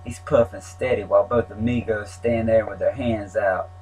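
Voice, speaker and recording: A man's voice: on the low side, steady tone, moderate pace, darkish tone, a little hiss or hum, poor audio. A man reading his own story aloud in a plain, wry telling. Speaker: memoir narrator.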